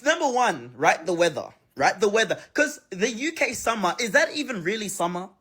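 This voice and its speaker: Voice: mid-range voice, sing-song, normal speed, a bit bright, husky. A speaker from Australia chatting to camera and going through a list of points for viewers. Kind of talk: casual talk to camera.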